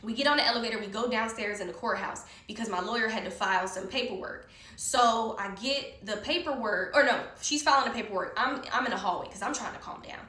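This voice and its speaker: A woman telling a personal story in a heated, profane, animated way. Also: on the high side, quick pace, hardly any pauses, distant mic. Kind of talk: casual storytime. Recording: roomy echo.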